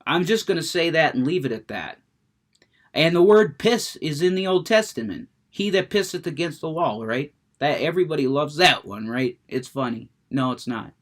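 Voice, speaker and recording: A man's voice: on the high side, expressive, normal speed. A man rambling about video games in a casual monologue, stammering, restarting sentences, cursing freely. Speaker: gaming vlogger.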